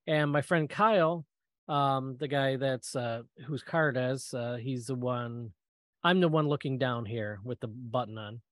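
A middle-aged man giving a storytelling talk, lively and acting out the voices he quotes, with frequent ums and uhs. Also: mid-range voice, measured pace, no room sound. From Michigan, US. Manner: animated, acts out quoted voices, many fillers. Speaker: guest speaker.

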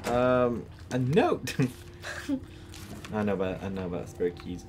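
Again the man narrates a horror game casually, jumpy and giggling as he talks at the screen, with noisy home audio. This time his mid-range voice swings hugely in pitch and the delivery is slow.

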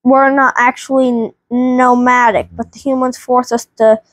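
A woman's voice: fairly high pitch, level tone, a little slow, no echo, natural voice. A woman reading the lines of a proud, touchy talking creature from a storybook, stumbling and restarting as she reads. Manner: read aloud with stumbles and restarts.

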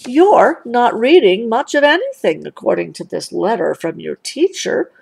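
A woman's voice: a little high, big pitch swings, moderate pace, creaky, a little mellow, slightly rough, exaggerated voice. A woman voicing a stern but fair father bear in a storybook read-aloud.

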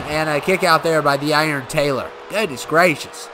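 A man commentating a wrestling video game play by play, excitable and given to shouting and cheering at the big moments. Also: a little high, normal speed, few pauses, rough recording. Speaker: gaming channel host. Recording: loud game crowd and noise behind.

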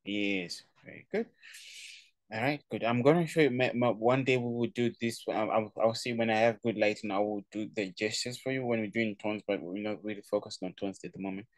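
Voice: medium pitch, brisk, dry recording. A Chinese tutor on a video call, giving a casual online language lesson, playful, laughing often and repeating words for drill.

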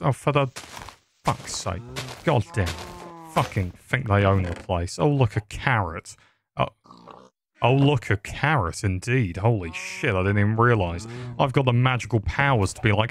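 A man's voice: lowish voice, expressive, normal speed, slight background noise. A young man giving sarcastic, rambling commentary over a game, swearing often. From England. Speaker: gaming YouTuber. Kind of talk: casual gameplay commentary.

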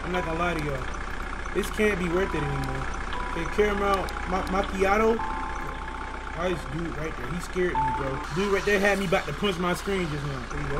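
Brief: excitable gaming host, high bright voice, slangy and jumpy, faint music underneath. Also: male voice, a little fast. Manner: excitable, slangy, talks to viewers, reads game dialogue aloud. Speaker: gaming YouTuber. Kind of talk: casual horror game commentary.

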